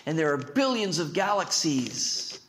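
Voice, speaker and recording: A man preaching a sermon as pastor, swinging from emphatic declarations to hushed, slow asides. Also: fairly high pitch, big pitch swings, reverberant, a little hiss or hum.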